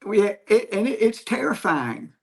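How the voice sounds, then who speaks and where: A man's voice: sits high, sing-song, normal speed, gravelly, a crowd in the background. A man with a Southern US accent, a comedian guest chatting earnestly on a podcast, emphatic and repeating phrases for stress. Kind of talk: casual podcast chat.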